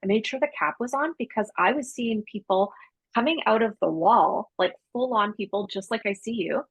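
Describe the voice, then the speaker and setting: Husky, gravelly-voiced woman storyteller. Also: mid-range voice, normal speed, no echo, poor audio. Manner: animated, chatty, slangy, acts out dialogue. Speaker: podcast guest, psychic medium. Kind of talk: casual storytelling interview.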